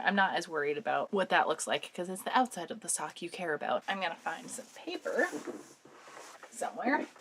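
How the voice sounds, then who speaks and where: A woman with a somewhat low voice chats her way through a sewing project at home. She has a cold and a sore throat, and her talk is casual and wry, with easy swearing. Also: a bit bright. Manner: chatty, swears casually, dry jokes. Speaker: sewing vlogger. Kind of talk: casual craft vlog chat.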